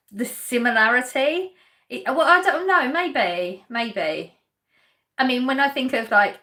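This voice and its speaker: A woman's voice: a little high, a bit bright. English woman, live-stream host, casual chat, reads comments aloud, laughs a lot, teasing. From England. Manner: chatty, laughs often, teasing viewers. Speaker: livestream host.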